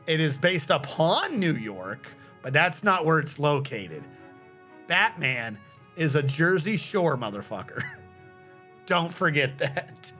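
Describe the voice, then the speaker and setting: Man, game streamer, casual profane commentary, slightly higher voice, addresses chat. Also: pushed and bright. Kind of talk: live gameplay commentary.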